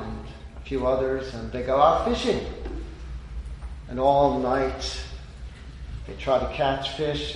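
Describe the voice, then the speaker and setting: A man's voice: mid-range voice, a little mellow, slight background noise. A man preaching a sermon, retelling stories and lifting his voice when he quotes the people in them. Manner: storytelling, voicing quoted speakers with rising emphasis. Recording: echoey hall.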